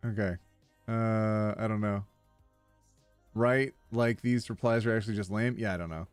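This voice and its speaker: A man's voice: lowish voice, fairly even intonation, normal speed, long pauses, smooth, no echo, soft background music. A man streaming live, reading online posts aloud in a casual, giggly way and stumbling over words as he reacts.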